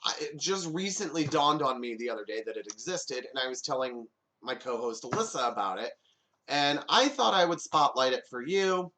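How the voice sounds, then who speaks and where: A man's voice: medium pitch, lively intonation, moderate pace, pushed and bright. A man hosting a podcast alone, giving comedic commentary with jokey, sarcastic asides. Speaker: podcast host.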